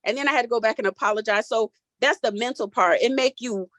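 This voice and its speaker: A woman's voice: fairly high pitch, quick pace, a bit bright, dry recording. Emotional woman, voice cracking. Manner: candid, emotional, casual Southern-tinged speech. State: voice cracking, holding back tears. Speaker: guest sharing her story. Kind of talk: personal testimony in a group talk.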